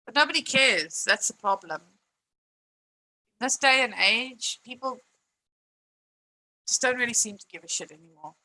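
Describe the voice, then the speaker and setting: Bright-voiced woman ranting on stream. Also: on the high side, animated, moderate pace, long pauses, rough recording. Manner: frustrated, emphatic, swears, repeats herself. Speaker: live streamer. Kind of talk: live-stream rant.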